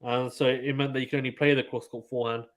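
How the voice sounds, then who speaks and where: A man calling a match live on a stream in casual play-by-play, getting excited and reading out viewer chat. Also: mid-range voice, fast talker.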